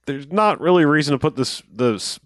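A man's voice: on the high side, animated, a little fast, no echo, clean studio sound. A man co-hosting a podcast, chatting casually and rambling as he recaps a movie, often mimicking the characters. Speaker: podcast co-host.

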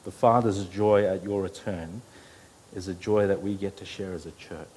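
A man's voice: sits low, steady tone, moderate pace, a little mellow, a little hiss or hum. A pastor preaching an earnest sermon to his church, his voice rising when he quotes scripture.

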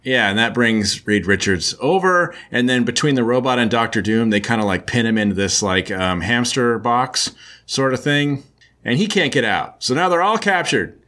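A man's voice: mid-range voice, expressive, normal speed, fairly bright tone. A man casually recapping a story in a loose, chatty way, full of filler words. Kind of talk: casual comic book recap.

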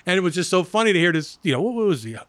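A man's voice: high-pitched, sing-song, very fast, a bit bright, no room sound. A man, a sports radio personality, telling rambling anecdotes in casual chat, full of "you know" and acted-out quotes.

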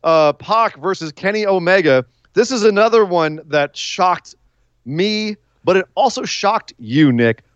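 A man's voice: high voice, smooth, no room sound, lo-fi sound. Joking male podcast co-host, dry sound. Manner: joking, animated, quick asides. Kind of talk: casual chat.

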